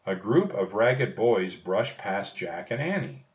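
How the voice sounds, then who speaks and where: Slow, lively male storybook narrator. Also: lowish voice. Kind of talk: audiobook narration of a children's story. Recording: dull distant recording.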